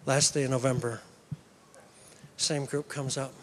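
A man preaching a sermon, telling the story in an animated way. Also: mid-range voice, a little slow, long pauses.

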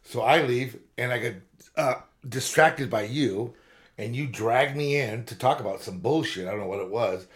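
A man's voice: medium pitch, moderate pace. A man in his fifties on a podcast, telling long, rambling, profane stories in casual chat. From Southern California. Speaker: podcast co-host.

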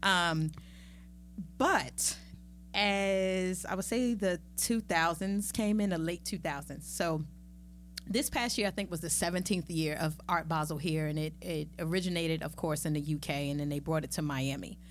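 A middle-aged woman talking as a podcast guest in a casual, lively and playful way, with chatty asides. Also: fairly low pitch, moderate pace, a little hiss or hum. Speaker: podcast guest, magazine founder. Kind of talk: casual conversational interview.

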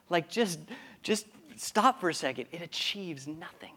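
A man's voice: fairly high pitch, lively intonation, slow, pauses often, sharp tone. Conversational male pastor preaching. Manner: conversational preaching with frequent restarts and questions to the congregation. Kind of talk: sermon.

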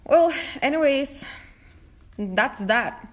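A woman's voice: sits high, drawn-out words. A young woman hosting a casual chat, rambling with many fillers. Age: young adult. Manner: relaxed, rambling speaker with frequent fillers and restarts. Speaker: podcast host.

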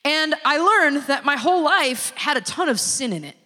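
A woman giving a sermon-style personal testimony, a lively storyteller who acts out the people she quotes. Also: sits high, moderate pace. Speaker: speaker giving a church testimony. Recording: long reverb of a large hall.

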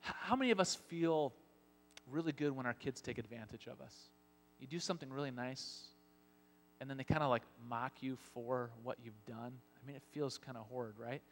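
A man preaching a sermon as pastor, telling Bible scenes with lively acted-out lines. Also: medium pitch, moderate pace. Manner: animated storytelling, acting out Bible scenes. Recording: long hall reverb.

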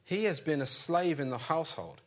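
A male preacher delivers a sermon, retelling a story with animation and slipping into the characters' voices. His voice sits slightly high for a man. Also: a little fast. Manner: animated storytelling, acting out quoted lines.

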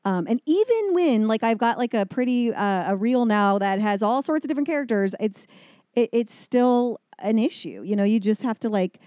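Chatty woman with a mellow voice. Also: fairly high pitch, moderate pace, dry recording, studio quality. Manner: chatty, animated storytelling with acted-out quotes. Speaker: actress guest. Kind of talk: casual chat.

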